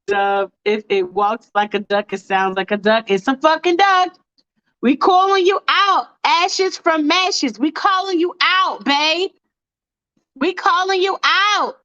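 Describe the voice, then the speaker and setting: A woman's voice: very high voice, slow, bright, forceful tone, dry recording, highs cut off. A woman hosting a fan livestream, ranting bluntly and with lots of swearing while talking to her chat. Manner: blunt, profane, fired-up, talks to chat. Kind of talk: casual livestream rant.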